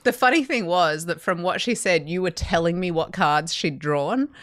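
A woman's voice: on the low side, moderate pace, dry recording. A woman co-hosting a podcast, chatting casually with dry wit and frequent laughter. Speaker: podcast co-host. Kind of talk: casual chat.

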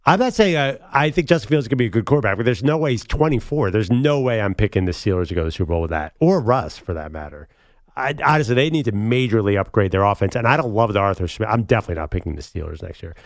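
A man co-hosting a sports talk show, arguing his picks confidently and pushing back quickly. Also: on the low side, lively intonation, no room sound, studio quality. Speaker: sports radio co-host. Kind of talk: casual sports debate.

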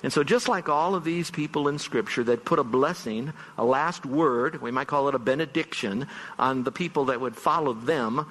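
A man's voice: medium pitch, normal speed, a bit bright, long reverb tail. A man preaching a farewell sermon as pastor, earnest and emphatic, stretching out key words for stress. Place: church sanctuary.

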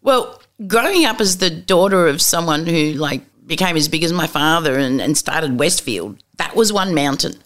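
Middle-aged aussie woman, blunt storyteller, lowish voice, swears casually. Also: normal speed, hardly any pauses. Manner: blunt and lively, acts out dialogue, casual swearing. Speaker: guest. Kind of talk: candid storytelling interview.

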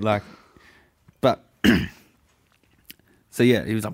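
A young man in casual conversation, laid-back and profane. His voice sits low with a gravelly, creaky edge. He rambles through his story in easy, relaxed chat. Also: measured pace, long pauses. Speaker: guest telling a story.

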